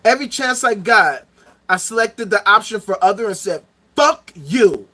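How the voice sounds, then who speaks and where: A man's voice: high voice, lively intonation, moderate pace, sharp tone. A man ranting angrily into the camera, profane and heated, hammering points home by repeating them. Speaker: vlogger. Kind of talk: angry ranting monologue.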